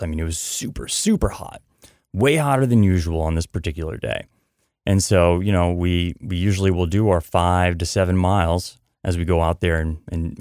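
Male podcast host, casual storyteller, low gravelly voice, dry close sound. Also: a little mellow, no echo. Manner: chatty, lots of "I mean" and "you know" asides; repeats words for emphasis.

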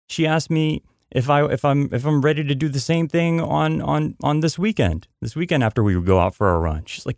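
A podcast host tells a story in a chatty way, packing it with "I mean" and "you know" asides and repeating words for emphasis. His fairly high, gravelly voice has a darkish tone, captured as clean studio sound with no echo.

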